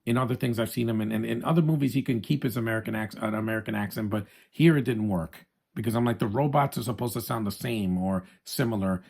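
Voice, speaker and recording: A man's voice: lowish voice, fast, vocal fry, darkish tone, slightly rough. A man giving a casual, opinionated movie review, talking straight to his viewers with frequent restarts.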